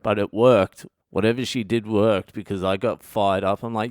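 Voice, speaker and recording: An Australian man in his thirties tells his own story on a comedy podcast, blunt and full of swearing. His voice sits on the low side and comes across smooth and clean. The sound is close and dry. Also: moderate pace, few pauses, dry recording. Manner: profane, blunt and animated. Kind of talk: comic personal storytelling.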